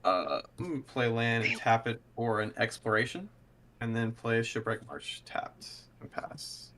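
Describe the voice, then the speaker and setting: A man's voice: mid-range voice, normal speed, a bit bright, a little hiss or hum. Easygoing man in his thirties. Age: 30s. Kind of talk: casual chat over voice call.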